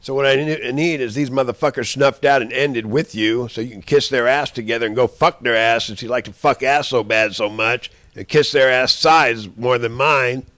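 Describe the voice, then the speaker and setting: A man's voice: mid-range voice, steady tone, fairly quick, hardly any pauses, fairly bright tone, no room sound. A man in an angry, rambling monologue, cursing and making threats at the people he addresses.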